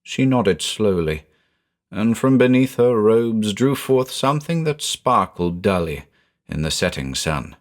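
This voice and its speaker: A man giving a measured, brooding scripted narration of a horror story. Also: fairly low pitch, big pitch swings.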